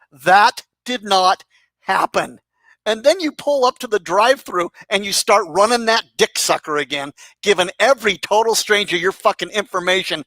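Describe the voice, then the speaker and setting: A man's voice: high voice, a bit bright, no echo. A man ranting in a mocking, sarcastic roast full of swearing, aimed at another online personality. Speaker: commentary YouTuber. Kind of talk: profane roast rant.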